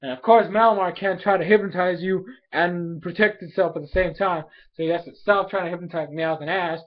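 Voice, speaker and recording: A young man casually recapping an anime episode in a rambling, animated way, full of fillers and quick asides. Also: high-pitched, muffled recording. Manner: rambling, animated, filler-heavy, laughs often.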